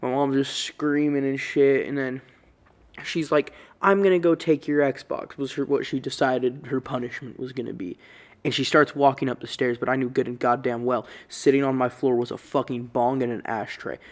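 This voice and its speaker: Dude rambling thru a story time vlog, cussing constantly, laid back slangy talk. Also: male voice, mid-range voice, level tone, normal speed. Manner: rambling, profane, loose slang. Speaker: YouTuber.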